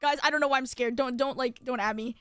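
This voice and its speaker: A woman's voice: high voice, steady tone, quick pace, over music. A young adult woman streaming as a VTuber, chatting casually and bubbly with lots of filler words while she designs. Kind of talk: casual live-stream chat.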